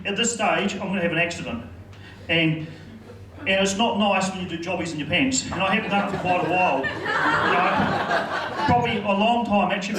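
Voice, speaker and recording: A man's voice: high-pitched, echoey room, recorded from a distance, very noisy. A man with a New Zealand accent doing rambling stand-up storytelling at a comedy club. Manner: rambling, lots of fillers and asides.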